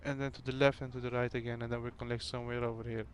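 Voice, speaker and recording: A man's voice: medium pitch, little pitch movement, very fast, a little hiss or hum. A man whose first language is Dutch, chatting casually and thinking aloud as he runs cockpit checks while streaming a flight simulator. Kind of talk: casual gameplay commentary.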